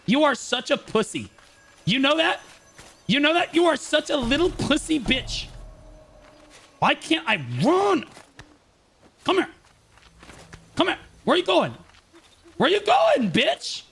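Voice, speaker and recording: Guy streamer yelling at a game, gravelly high voice, excitable, quiet music under it. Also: measured pace, pauses often. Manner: excitable, swings between shouting trash talk and muttering. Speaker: streamer playing an online game. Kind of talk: live gameplay commentary.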